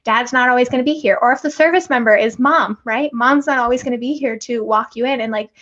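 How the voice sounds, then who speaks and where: A woman's voice: fairly high pitch, fast, a bit bright. A woman co-hosting a casual podcast chat, speaking animatedly and acting out talks with her kids. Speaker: podcast co-host. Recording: dull lo-fi audio.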